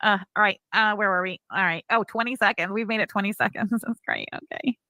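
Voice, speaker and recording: Quick, giggly woman co-host; rapid talk, crisp bright tone, dry sound. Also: mid-range voice, no echo. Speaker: live stream co-host. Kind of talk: casual chat, reading super chats.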